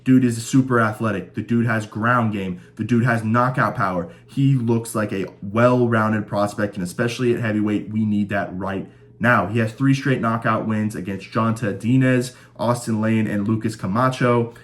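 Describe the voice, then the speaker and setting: A man's voice: lowish voice, fairly even intonation, normal speed. A man hosting a casual fight-predictions show, talking enthusiastically and rattling off stats as he makes his picks. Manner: chatty, stat-heavy, enthusiastic. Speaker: host of a fight-predictions channel.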